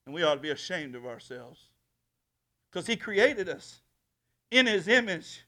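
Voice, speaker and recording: A man preaching a sermon as pastor in a church, emphatic, swinging from soft talk to shouting. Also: fairly high pitch, sing-song, unhurried.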